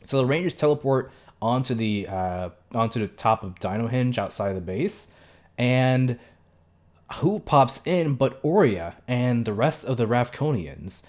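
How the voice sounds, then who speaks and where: A young man talks through an episode recap in a loose, chatty way, stumbling and correcting himself as he goes. His voice sits at an ordinary middle pitch, and he slips into quick impressions of the characters. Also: animated, darkish tone. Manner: chatty, many fillers and self-corrections; mimics characters' lines in quick asides. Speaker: show reviewer.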